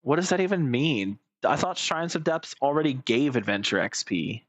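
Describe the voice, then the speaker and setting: A man's voice: mid-range voice, lively intonation, normal speed, no room sound. A man giving casual reaction commentary as a streamer, blunt, sarcastic and profane.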